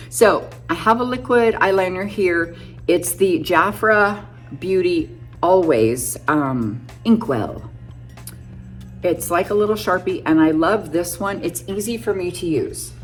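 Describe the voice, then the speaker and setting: A woman in her fifties, a beauty vlogger, chatting casually and a little self-deprecatingly as she talks through each step of her makeup tutorial. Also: lowish voice.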